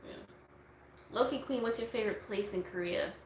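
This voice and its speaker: A woman's voice: on the high side, moderate pace. Young woman streamer, loose chatty delivery, phone on a tripod, roomy echo. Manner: chatty and rambling, many fillers. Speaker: YouTube streamer answering viewer questions. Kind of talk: casual livestream Q&A. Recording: echoey room, faint noise.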